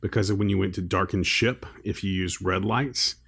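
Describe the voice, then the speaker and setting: A man's voice: deep voice, steady tone, moderate pace, fairly bright tone, breathy edge. A middle-aged man co-hosting a podcast in casual chat, jokey and full of trivia facts. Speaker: podcast co-host.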